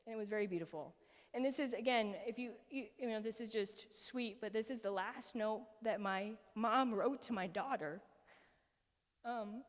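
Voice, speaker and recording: A woman's voice: fairly high pitch, normal speed, in a large hall. A woman in her forties giving a heartfelt personal talk with slides, earnest and emotional, with many fillers and restarts. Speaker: speaker presenting to a group.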